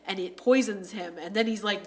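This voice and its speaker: A woman on a podcast chatting casually about a film, full of "like" fillers and acting out scenes in quick voices. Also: medium pitch. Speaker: podcast panelist. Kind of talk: casual movie review chat.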